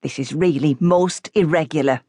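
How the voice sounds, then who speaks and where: A woman doing a sharp, scolding landlady. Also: low voice, moderate pace, breathy edge, no echo, studio quality. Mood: indignant. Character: irritated officious landlady, middle-aged woman.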